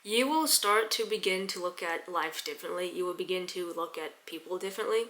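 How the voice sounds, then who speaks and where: A young woman telling a story in a casual vlog, chatty, with quick restarts and repeated words. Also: on the low side, a bit bright. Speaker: vlogger.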